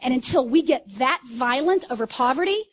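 High-voiced woman preaching. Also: brisk. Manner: animated storytelling, loud bursts and asides to the congregation. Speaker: pastor. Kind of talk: sermon. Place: church service.

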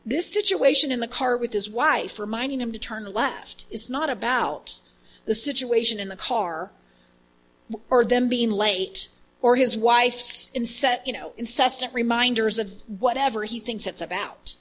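Woman ministry leader telling a story, lots of "you know", voice sits a bit high. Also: measured pace, low-quality recording. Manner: animated storytelling with many fillers. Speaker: inner healing ministry leader. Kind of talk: faith-based teaching talk.

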